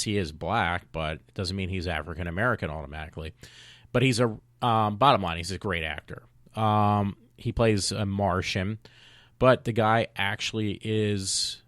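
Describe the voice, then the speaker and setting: Low-voiced man rambling on a podcast. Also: fairly bright tone, no echo. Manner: rambling, many ums and self-corrections. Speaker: podcast host. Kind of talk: casual solo talk show.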